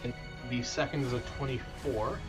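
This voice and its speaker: A man's voice: mid-range voice, steady tone, normal speed, music in the background. A man narrating as game master of an online tabletop game, describing the action with many "uh" restarts. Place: home streaming setup.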